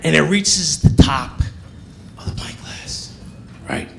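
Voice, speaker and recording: Lively, gravelly stand-up comedian. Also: male voice, a little high, takes it slowly, a faint crowd, slight background noise. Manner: animated, acts out characters. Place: comedy club stage.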